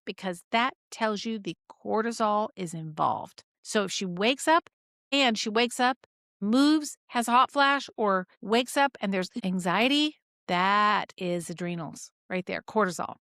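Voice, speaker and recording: A middle-aged woman teaching clinicians in a lively, conversational way, full of rhetorical questions. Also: medium pitch, a little slow, dry recording, clean studio sound. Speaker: health educator.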